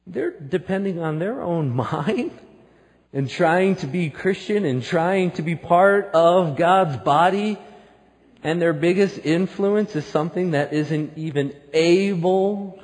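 Male pastor, storytelling sermon, a bit high-pitched, reverberant hall sound. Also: slow pace. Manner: storytelling, building to loud emphatic peaks.

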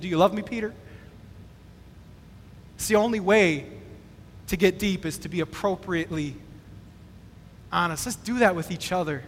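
A pastor from Wisconsin preaches in a lively, conversational way. His voice is very high, bright and forceful, and it rings with the long reverb of a large hall. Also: a little hiss or hum. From Wisconsin, USA. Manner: animated, conversational, acts out quotes. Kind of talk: sermon.

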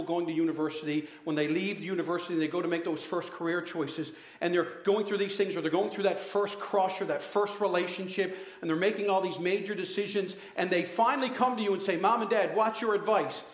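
Man, pastor, passionate sermon, high voice, rhetorical questions, echoey church hall.

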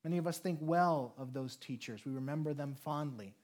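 A man preaching a sermon as a pastor, earnest and measured, slowing down to lean on key phrases. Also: a little high, darkish tone.

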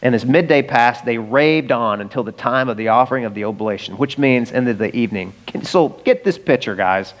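A man preaching a sermon, retelling scripture in an animated, humorous storytelling way. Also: medium pitch, brisk, few pauses, big-room sound. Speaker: pastor.

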